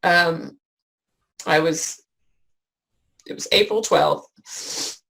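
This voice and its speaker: Woman guest, slow gravelly delivery, halting, tearful testimony. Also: low-pitched, a bit bright, poor audio. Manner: halting, many fillers and restarts. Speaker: interview guest. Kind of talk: emotional personal testimony.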